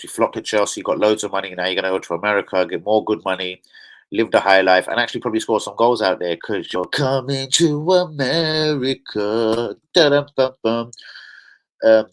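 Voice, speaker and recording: A man's voice: low voice, poor audio. A man hosting a casual football live stream, chatting in slangy banter with his viewers.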